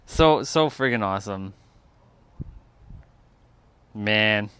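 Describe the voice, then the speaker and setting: Male streamer, casual musing chat, slow pace. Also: on the low side, animated, a bit bright, clean tone. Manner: laid-back, musing, quick to laugh. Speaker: livestream host.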